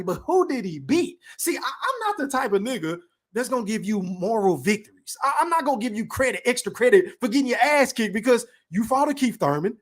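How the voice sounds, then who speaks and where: A brash man with a high-pitched voice runs a live podcast stream. He reads chat comments aloud and peppers his casual talk with profanity. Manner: brash, profane, drawn-out shout-outs.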